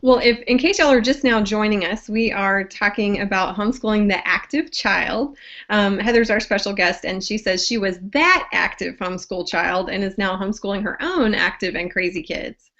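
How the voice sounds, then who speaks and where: A woman's voice: mid-range voice, normal speed, fairly bright tone. Woman host, lo-fi audio. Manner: friendly, reads an introduction. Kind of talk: introducing a guest on a webcast. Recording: dull lo-fi webcast audio.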